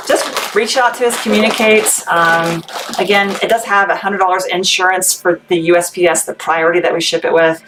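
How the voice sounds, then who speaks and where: A chatty, bubbly woman who laughs often, running a casual live sales stream for her small family business while packing orders. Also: lowish voice. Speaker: small business owner selling on a livestream. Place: home workspace packing orders. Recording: background noise with clicks.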